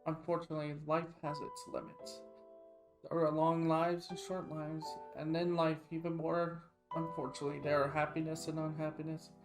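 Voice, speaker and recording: A man reading a gentle, earnest comforter. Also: a little high, normal speed, over music, lightly acted, rough recording. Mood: tender. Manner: calm, soft and earnest. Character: gentle grown man comforting a dying girl.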